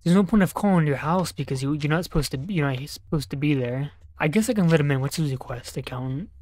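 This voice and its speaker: A man's voice: a little high, fast talker, a little mellow. Young man joking through gameplay. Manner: joking, talks to characters on screen; reads numbers and notes aloud under his breath. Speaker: gaming YouTuber. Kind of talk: casual gameplay commentary.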